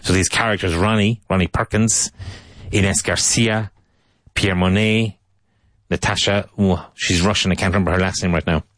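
A man with a very low voice leads an English lesson, saying each word and sentence more than once, slowly and clearly, so learners can repeat after him. The sound is close and dry, with no room around it. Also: fairly even intonation, a bit bright, dry recording. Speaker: English teacher. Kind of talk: language lesson with spoken drills.

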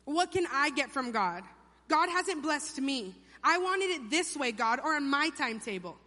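A woman's voice: high voice, expressive, normal speed, pushed and bright. A young adult woman preaching a sermon in a church, chatty and playful, acting out quotes in funny voices. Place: church sanctuary. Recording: long hall reverb.

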